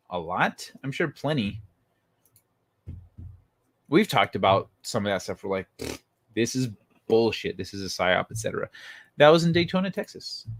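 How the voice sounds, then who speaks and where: A man hosting a casual livestream, rambling and swearing as he tells stories and answers chat. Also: mid-range voice. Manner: rambling, profane, animated storytelling. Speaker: livestream host. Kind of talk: casual livestream chat reading viewer comments.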